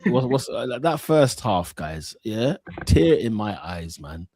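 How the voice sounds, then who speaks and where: A man, co-hosting a casual football podcast with animated slang banter. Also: lowish voice, slow pace, husky. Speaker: podcast co-host.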